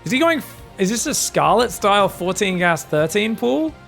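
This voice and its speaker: An Australian man giving excited, casual, jokey esports commentary, sometimes swearing. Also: high voice, moderate pace, creaky, faint music behind. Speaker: esports caster.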